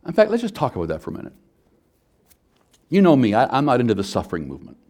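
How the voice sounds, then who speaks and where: Middle-aged male pastor, mid-pitched voice, chatty sermon delivery with stories, dips soft then swells loud. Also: wildly swooping pitch, very fast. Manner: conversational storytelling, shifts between soft and loud.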